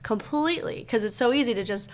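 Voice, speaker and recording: A woman's voice: a little high, fast talker. A woman hosting a podcast, talking in a casual, reflective way with frequent fillers and restarts. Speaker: podcast host. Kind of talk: casual conversation.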